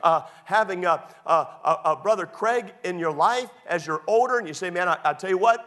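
A middle-aged male pastor preaching a sermon, animated and emphatic at times, folksy and humorous when he tells stories. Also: high voice.

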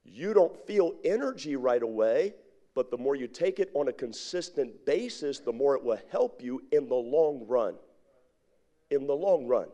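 A man's voice: mid-range voice, animated, moderate pace, mellow, muffled recording. A middle-aged man preaching a sermon as pastor, drawing his congregation in with call-and-response questions.

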